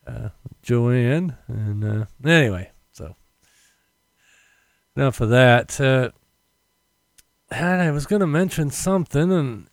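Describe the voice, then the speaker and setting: Rambling podcast host, smooth dry voice. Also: male voice, mid-range voice, darkish tone, no room sound. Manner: meandering, many "uh" fillers. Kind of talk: casual rambling monologue. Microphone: condenser mic with headphones.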